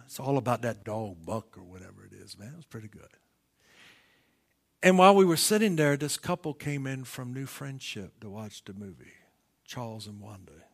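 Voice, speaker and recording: A middle-aged man preaching a sermon, moving between quiet storytelling and loud, impassioned calls. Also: mid-range voice, gravelly, husky. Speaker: pastor.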